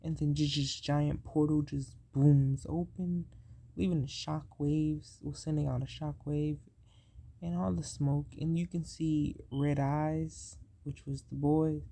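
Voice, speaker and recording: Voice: medium pitch, little pitch movement, takes it slowly, vocal fry, warm tone. A young adult casually retelling an invented anime story, rambling and hesitant, restarting sentences and making up names as they go. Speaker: fan storyteller.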